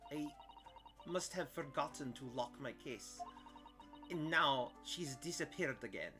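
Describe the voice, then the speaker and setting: A man's voice: on the high side, expressive, unhurried, music in the background. A man voicing an earnest young lawyer in a plain, polite, questioning voice.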